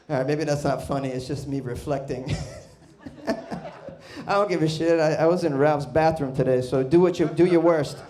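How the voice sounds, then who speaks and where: A man doing a stand-up comedy set, brash and profane, bursting into loud shouts. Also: a little high, steady tone, normal speed. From Boston. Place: comedy club stage.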